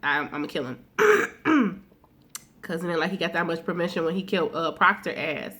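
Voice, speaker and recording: A woman's voice: fairly low pitch, very animated, normal speed, a bit bright. A woman recapping a TV episode in a loose, chatty way, with plenty of fillers, slang and swearing. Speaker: TV recap vlogger.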